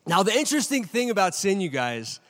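A man in his thirties, a pastor, preaches to a live church-hall audience in a chatty style, asking them questions and often saying "right?". His voice sits high and a bit bright, with big pitch swings and a slightly fast pace, and the large hall adds long reverb.

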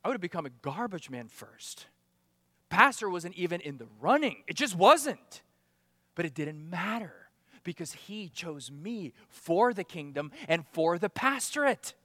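A man with a high, ringing voice delivers a sermon, pressing his points with questions and sudden drops to near-quiet. The close sound has a long hall reverb trailing behind it. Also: sing-song, measured pace. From outside America. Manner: emphatic, rising and falling, rhetorical questions. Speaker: pastor.

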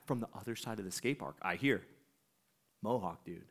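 A man's voice: a little high, fairly quick. A man preaching, telling a story with lots of laughter and acted-out voices. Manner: animated, laughing, acts out voices. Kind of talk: sermon storytelling.

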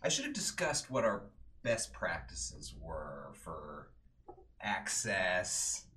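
Brief: male player, very low voice with lively intonation, earnest. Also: extremely slow.

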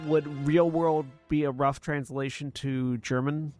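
Give me a laid-back man as game master, a bit high-voiced, faint music behind. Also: fairly even intonation, a little slow, darkish tone. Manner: laid-back, plain-spoken rulings. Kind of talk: narrating a tabletop game.

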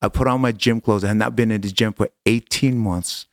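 A middle-aged man telling a personal story as an interview guest, animated and casual, acting out dialogue. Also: fairly low pitch, fairly quick, no room sound. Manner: animated, acts out quoted dialogue, casual slang.

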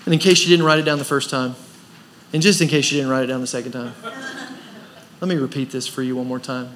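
A man's voice: mid-range voice, steady tone, fast talker, fairly bright tone, slight background noise. A man preaching a sermon as pastor of a church, pressing his points with rhetorical questions and rising emphasis. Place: church service.

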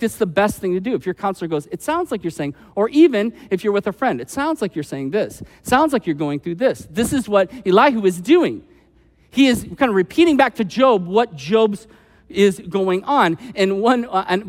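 A man preaching a sermon as pastor, conversational and animated, acting out quoted voices with frequent asides. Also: sits high, long reverb tail.

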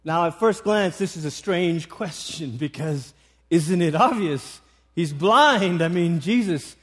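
A man's voice: high-pitched, measured pace. A man preaching a sermon, retelling a story with frequent restarts.

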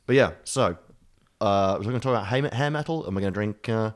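A man's voice: fairly low pitch, fast. A British man co-hosting a podcast, chatting casually, rambling and self-mocking, swearing freely. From Britain. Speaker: podcast co-host. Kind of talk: casual chat.

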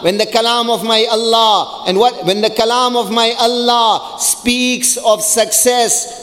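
High-voiced preacher in an echoing hall. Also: male voice, a bit bright. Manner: emphatic, rhetorical, recites Arabic verses quickly. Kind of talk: sermon. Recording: long hall reverb.

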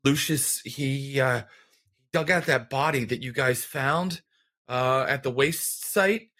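A man's voice: mid-range voice, slow pace, bright, forceful tone. Man running a tabletop game. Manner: loose and rambling, lots of fillers. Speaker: game master.

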